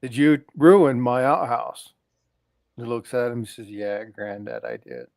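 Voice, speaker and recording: A man's voice: medium pitch, big pitch swings, measured pace, gravelly, pauses often, darkish tone, no room sound. A man casually telling long jokes on a live stream, animatedly doing the characters' voices as he goes. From lived in Utah.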